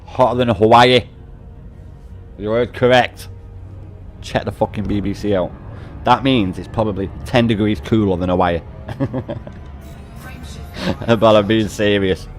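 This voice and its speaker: A man's voice: fairly low pitch, fairly even intonation, unhurried, pauses often, soft background music. A middle-aged British man chatting casually on a game stream, swearing and laughing a lot. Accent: British English. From United Kingdom. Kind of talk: casual live-stream chat.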